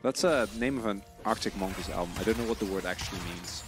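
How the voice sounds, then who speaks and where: A man doing casual esports commentary, chatty and relaxed, trading banter with a co-caster. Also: on the low side, fast talker, over music.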